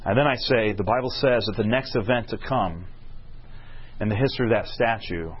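A man's voice: fairly low pitch, a little fast. A man preaching a sermon, telling a story and asking his listeners questions that he answers himself. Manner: asks the crowd questions and answers them himself. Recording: husky, dull lo-fi recording.

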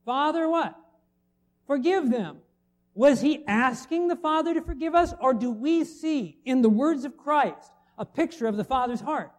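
A man's voice: very high voice, expressive, moderate pace, few pauses. A middle-aged man preaching a sermon, conversational and full of rhetorical questions to the congregation. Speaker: pastor.

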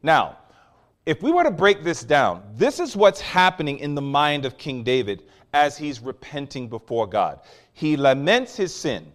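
Animated male preacher, lively pitch. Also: unhurried. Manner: animated, emphatic teaching with rhetorical questions. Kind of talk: sermon.

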